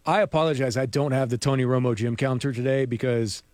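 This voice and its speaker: A man's voice: mid-range voice, fairly even intonation, fast, a little mellow, no echo. A man co-hosting a sports talk show, chatting casually with rambling asides and frequent laughs. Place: radio studio.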